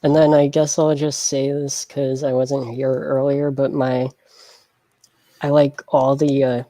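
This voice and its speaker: Flat, hesitant podcast voice. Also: medium pitch, a little slow, dry recording. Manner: flat, hesitant, with many ums. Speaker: podcast panelist. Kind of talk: casual group chat.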